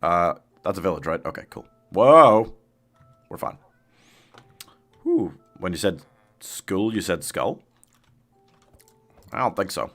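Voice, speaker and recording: A man's voice: low-pitched, lively intonation, measured pace, long pauses, faint music behind. A man streaming a game live, chatting casually with his chat, laughing often and yelping when danger appears. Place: home streaming setup.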